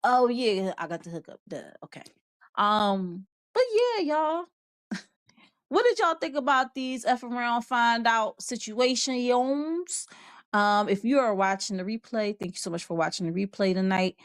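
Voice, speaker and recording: A woman's voice: a little high, measured pace, smooth, no room sound. Chatty woman hosting a livestream. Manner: chatty, rambling, laughs often, reads out viewer comments. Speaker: show host. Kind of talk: casual livestream chat.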